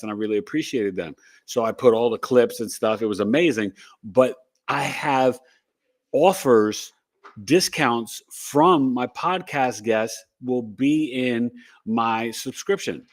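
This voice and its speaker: Chatty rambling male podcast host. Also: medium pitch. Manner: rambling, upbeat, chatty with asides to viewers. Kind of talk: casual livestream chat.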